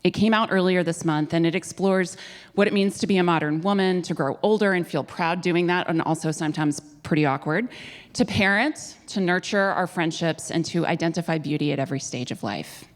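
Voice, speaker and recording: Live-event host: woman, lower voice, chatty and upbeat, in a hall with long reverb. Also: fairly quick. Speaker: guest host. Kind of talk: live stage interview. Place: theater stage before an audience.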